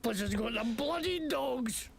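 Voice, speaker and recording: McTavish, a gravelly fake-Scottish crook. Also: male voice, extremely high pitch, a little slow, a little hiss or hum, heavily acted. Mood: defensive. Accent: put-on Scottish. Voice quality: gravelly, lively swings. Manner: brash, cursing, blustering. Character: crude foul-mouthed male wasteland crook faking Scottish. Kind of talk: video game voice acting.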